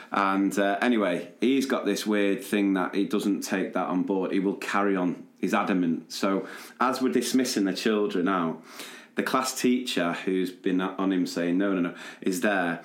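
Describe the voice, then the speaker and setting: A man co-hosting a podcast, telling a funny story in a lively, chatty way and laughing as he goes. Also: deep voice. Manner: animated anecdote-telling with laughter and quoted voices. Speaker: podcast co-host. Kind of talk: casual storytelling chat. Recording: roomy echo.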